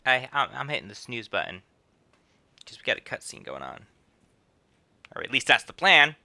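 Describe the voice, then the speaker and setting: A man's voice: medium pitch, sing-song, moderate pace, bright, forceful tone, dry recording. A man casually commenting on a game he streams live, rambling with laughing asides into a close mic.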